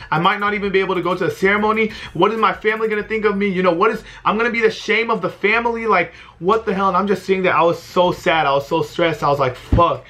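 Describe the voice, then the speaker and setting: A young man telling a casual storytime vlog, animated and exasperated, with frequent swearing. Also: on the high side. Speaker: vlogger.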